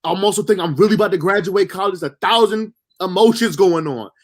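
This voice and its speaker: A man with a somewhat high voice tells a story from his own life. He is emotional and near tears. He halts and restarts often. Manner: halting, full of fillers and restarts. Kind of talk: personal storytelling monologue.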